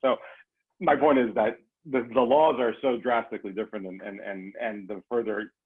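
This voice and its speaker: A man's voice: lowish voice, fairly even intonation, normal speed, husky. A man from California talking as a guest in a casual conversation, rambling with many restarts. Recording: tinny phone line.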